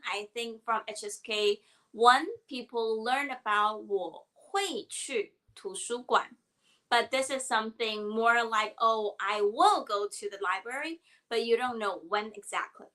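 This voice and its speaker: A woman's voice: on the high side, sharp tone, rough recording. A woman co-hosting a Chinese grammar lesson, explaining examples in an upbeat, encouraging way. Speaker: Chinese teacher.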